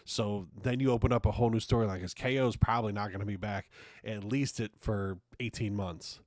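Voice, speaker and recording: A man's voice: fairly low pitch, steady tone, brisk, no room sound, clean studio sound. A man hosting his own podcast, ranting casually and swearing often in an exasperated way. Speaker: podcast host. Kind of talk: casual opinion monologue.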